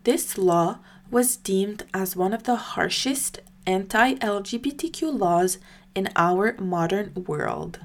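A woman hosts a news podcast and reads her scripted recap at an unhurried, deliberate pace. Her voice sits in a middle pitch, and she stays careful and even throughout. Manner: measured, careful reading.

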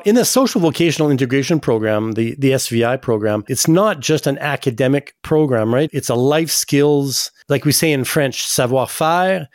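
A man's voice: mid-range voice, a little mellow, no room sound, studio quality. A man hosting a radio show, chatty and anecdotal, with frequent asides. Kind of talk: casual radio talk.

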